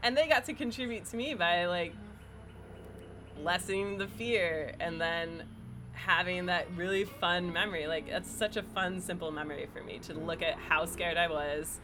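A woman from New York telling a personal story as an interview guest, animated and full of "like" fillers. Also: lowish voice, normal speed, a little hiss or hum. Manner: animated, filler-heavy with lots of "like". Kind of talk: casual storytelling.

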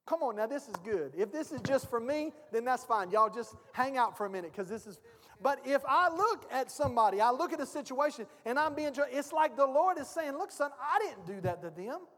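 A pastor preaching to his congregation in a very high voice. He talks in a folksy way and keeps throwing rhetorical questions at the room. His voice rings out with the long reverb of a church hall. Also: lively intonation, fairly quick, a bit bright. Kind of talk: sermon. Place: church sanctuary.

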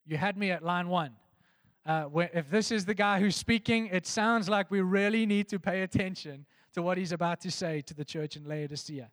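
A man preaching an earnest devotional sermon, reading scripture and dropping soft and low on key phrases. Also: fairly even intonation, moderate pace, no echo, long reverb tail.

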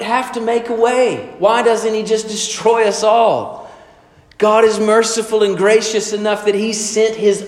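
A man preaching a sermon, telling a story and acting out the voices in it, swinging from loud to soft. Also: sits high. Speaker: pastor. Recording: echoey hall.

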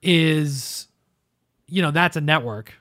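A man with a fairly high voice argues his point in a casual, animated way, breaking into little quoted asides as he goes. He is recorded close and dry, with no room sound around him. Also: slow pace, dry recording. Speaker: podcast co-host. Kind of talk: casual political chat.

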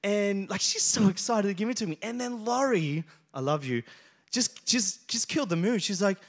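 A man's voice: sits high, moderate pace. A man, preaching a sermon and telling funny stories to his congregation. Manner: joking storyteller, talks to the congregation by name. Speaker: pastor. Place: church hall with congregation.

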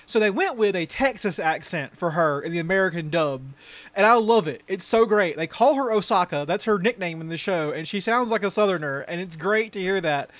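A man hosting a relaxed podcast conversation with friends. He talks in a loose, joking way and swears casually. His voice sits a little high for a man. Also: brisk, no room sound. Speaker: podcast host.

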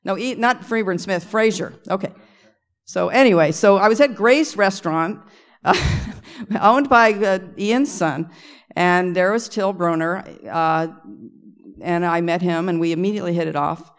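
A woman's voice: fairly low pitch, unhurried. A middle-aged woman composer telling rambling stories at a luncheon Q&A, often stopping to correct herself and adding laughing asides. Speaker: composer and arranger guest. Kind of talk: storytelling at a luncheon Q&A. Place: luncheon event room.

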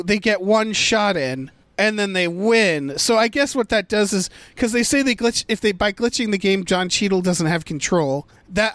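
High-voiced man picking apart a movie. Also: a bit bright, dry recording. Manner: rambling, thinks aloud with restarts. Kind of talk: casual movie review chat.

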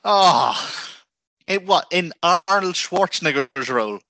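A radio co-host chats casually, joking and poking fun at himself with lively reactions. His voice is high-pitched, unhurried and creaky, and the recording is dry.

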